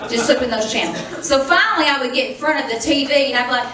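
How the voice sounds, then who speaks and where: A woman's voice: high-pitched, lively intonation, fast talker, bright, forceful tone. A middle-aged woman, telling stories and teaching in a chatty sermon style, often laughing. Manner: chatty, storytelling, laughs often, addresses the congregation as y'all. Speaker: pastor's wife teaching on marriage. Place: church hall. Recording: echoey hall, distant mic.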